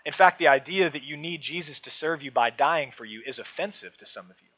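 A man preaching a sermon to a congregation, emphatic and rising, then dropping into soft low asides. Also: a little fast. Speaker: pastor. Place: church. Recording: dull lo-fi sound.

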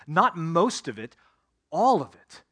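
Мужчина-пастор, довольно высокий голос. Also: male voice, a little high, very animated, takes it slowly, a bit bright, slightly rough. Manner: earnest, addresses congregation directly. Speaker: pastor. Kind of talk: sermon.

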